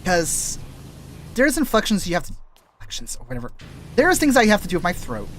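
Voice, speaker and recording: A man's voice: high voice, wildly swooping pitch, fairly quick, fairly bright tone. A male streamer rambling casually while he plays, trailing off and restarting often. He explains voice-acting tricks like a laid-back teacher, and his throat sounds dry and scratchy. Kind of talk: rambling gameplay stream chat.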